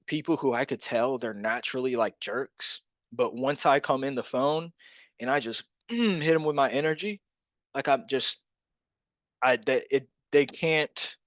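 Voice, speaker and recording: A man in the middle of the usual pitch range coaches sales calls with a punchy, emphatic drive. He acts out parts of the phone calls as he goes. The sound is dry, with no room around it. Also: fairly bright tone, no room sound. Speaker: real estate wholesaling coach. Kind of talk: energetic sales coaching monologue.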